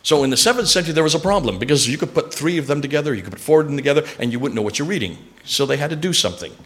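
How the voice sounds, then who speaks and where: A man lecturing a live audience, animated and quizzing listeners with rhetorical questions. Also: fairly high pitch, very fast.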